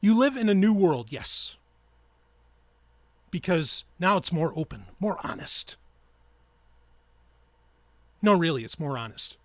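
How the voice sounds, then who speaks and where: A man's voice: on the high side, sing-song, slow, long pauses, no echo. A man hosting his own podcast, ranting in a heated, profane and sarcastic way. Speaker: podcast host. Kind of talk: ranting solo podcast talk.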